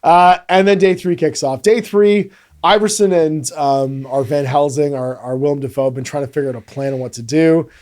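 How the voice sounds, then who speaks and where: A man's voice: on the high side, normal speed. A man co-hosting a podcast, casually and animatedly recapping a movie's plot and acting out characters' lines. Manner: animated, retells scenes and acts out lines. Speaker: podcast co-host.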